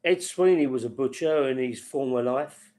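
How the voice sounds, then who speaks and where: This livestream host is a man rambling through a casual late-night stream, calling viewers by name and laughing at his own anecdotes. His voice is mid-range with a dark tone, at normal speed.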